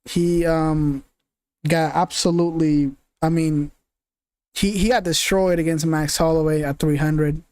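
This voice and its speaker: A man's voice: fairly high pitch, steady tone, measured pace, a little mellow, clean tone, no room sound, studio quality. A young man streaming casual commentary, rambling, cursing, laughing often and groping for names.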